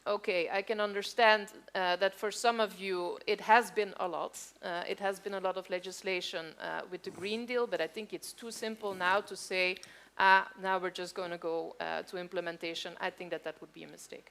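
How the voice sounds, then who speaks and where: Measured woman arguing on a panel. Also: medium pitch, fairly even intonation, a bit bright. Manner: measured, argumentative with fillers. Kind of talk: panel debate. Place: conference event hall.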